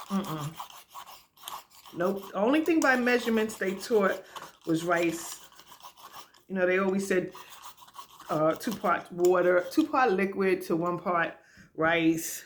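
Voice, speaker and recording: A middle-aged home cook vlogger chats casually while cooking in her home kitchen, laughing often and speaking directly to her viewers. Her mid-range voice moves slowly with long pauses, over slight background noise.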